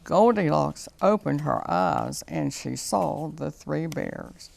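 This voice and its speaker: A woman reads a children's storybook aloud in a slow, expressive, sing-song manner. Her voice is on the low side, with a strong gravelly fry, and swings widely in pitch. She is recorded in a TV studio.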